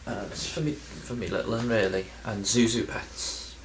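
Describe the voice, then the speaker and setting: A man's voice: lowish voice, steady tone, moderate pace, noisy background. Rambling man vlogging casually. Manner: rambling, self-deprecating, lots of ums and restarts. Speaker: video game collector vlogger. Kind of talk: casual chatty vlog.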